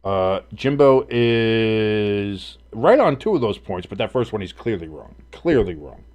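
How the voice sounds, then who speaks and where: A man's voice: on the low side, big pitch swings, a little slow, a little mellow, lo-fi sound. A man hosting a casual live sports stream, calling plays and reacting in a blunt, profane, rambling way.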